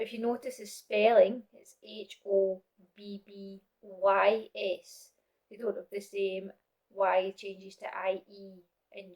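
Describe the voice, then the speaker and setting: A woman teaching a language lesson, saying each new word slowly and repeating it three times. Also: mid-range voice, dark tone. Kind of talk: slow, clear language lesson.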